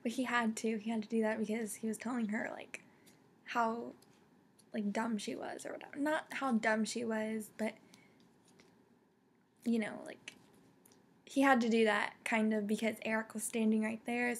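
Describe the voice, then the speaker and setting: A young woman chats excitedly through a casual book review. Her voice sits a little high and has a husky edge. She stumbles over her words and keeps saying "like" and "um". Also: normal speed, long pauses. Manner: excitable, many fillers and restarts. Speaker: book vlogger.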